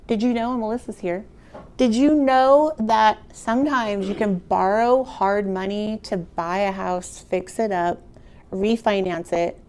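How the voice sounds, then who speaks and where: A middle-aged woman giving a motivational real estate talk to a live audience, chatty and animated, speaking straight to the room. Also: mid-range voice, a little slow. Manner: conversational, animated, addresses the audience directly.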